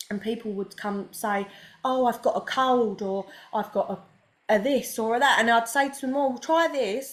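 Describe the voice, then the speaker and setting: A young woman, a podcast guest speaking enthusiastically in casual chat with many fillers. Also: a little high. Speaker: guest, massage therapist.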